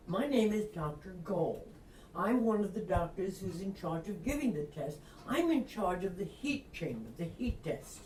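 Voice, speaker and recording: Older woman, from Long Island, lively storyteller, mimics other people, lower voice, roomy recording. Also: a little hiss or hum. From Long Island, New York. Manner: lively, acts out quoted voices, laughs often. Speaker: interview guest, retired reporter. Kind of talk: anecdotal storytelling. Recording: roomy, distant mic.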